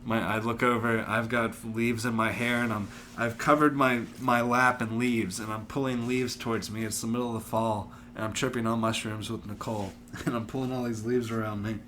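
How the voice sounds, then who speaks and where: A man's voice: mid-range voice, level tone, a little fast, few pauses, fairly bright tone, slight background noise. A young man co-hosting a podcast, rambling through stories with lots of swearing and laughter. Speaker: podcast co-host. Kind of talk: casual chat.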